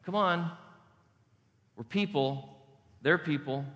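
A man's voice: on the high side, slow, fairly bright tone. A male pastor preaching a sermon in an emphatic, repetitive, conversational way. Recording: long reverb of a large hall.

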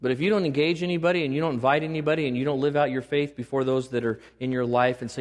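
A man's voice: mid-range voice, fairly even intonation, rapid-fire, few pauses. A man preaching a sermon as pastor, emphatic, repeating key phrases and putting questions to the congregation. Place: church sanctuary. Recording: long reverb of a large hall.

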